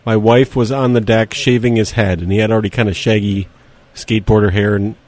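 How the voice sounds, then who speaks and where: A man's voice: fairly low pitch, level tone, brisk, a little mellow. Middle-aged man telling a joking story. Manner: joking and storytelling, laughs often. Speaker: magazine columnist and regular radio guest. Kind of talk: casual radio chat. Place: radio studio.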